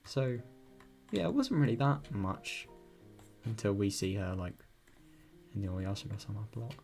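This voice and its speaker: A man's voice: fairly low pitch, sing-song, a little slow, vocal fry, darkish tone, faint music behind. A man reading a visual novel aloud and breaking off into chatty, rambling commentary. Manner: rambling, chatty asides with frequent laughs. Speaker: let's-play reader.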